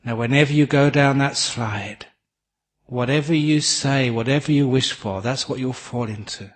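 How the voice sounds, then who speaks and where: A man with an English accent voicing a calm, helpful male genie in a spoken joke. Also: medium pitch, normal speed, lightly acted. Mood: explaining.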